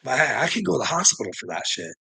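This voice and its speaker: A man with a gravelly voice in an angry, profane rant, laughing between lines and tagging sentences with "eh" and "you know what I mean". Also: medium pitch, sing-song, very fast, sharp tone. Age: adult, father of grown sons. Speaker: vlogger ranting to camera.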